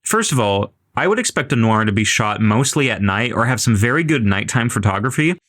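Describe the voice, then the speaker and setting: A man's voice: lowish voice, sing-song, brisk, a bit bright. A man hosting a casual podcast, talking over a film conversationally with frequent hesitations. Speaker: podcast host.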